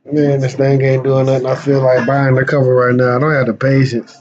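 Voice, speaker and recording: This channel host's voice is mid-range and darkish, with little pitch movement and a fairly quick pace. He chats loosely about his day trades, slipping into slang, restarting and repeating words, and saying his voice is going. The dull lo-fi audio carries a slight hiss or hum.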